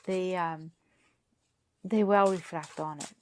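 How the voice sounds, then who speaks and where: A woman giving a casual tarot card reading who is losing her voice, musing aloud in halting, repetitive phrases. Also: on the low side, fairly even intonation, slight background noise. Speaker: tarot reader.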